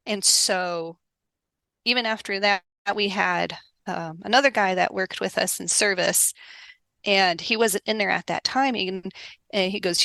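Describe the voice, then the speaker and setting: A middle-aged woman telling workplace stories as a podcast guest, animated and laughing often, acting out the people she quotes. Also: mid-range voice, moderate pace, creaky, no echo. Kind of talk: casual storytelling interview.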